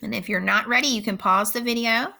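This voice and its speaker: A woman teacher giving a recorded phonics lesson, speaking slowly and clearly and repeating each word for young learners. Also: fairly high pitch, steady tone, bright, forceful tone. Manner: slow, clear instructional pacing with repeated words.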